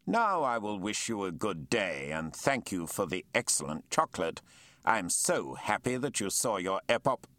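A man's voice: on the low side, sing-song, normal speed, a bit bright, no echo. A man voicing a genial male naval captain with hearty, old-fashioned courtesy. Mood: cheerful.

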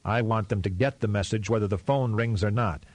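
A man's voice: fairly low pitch, a little fast, no room sound, natural voice. A man reading a coldly furious president. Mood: blunt anger. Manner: quiet, clipped, menacing. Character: furious, grimly calm male president.

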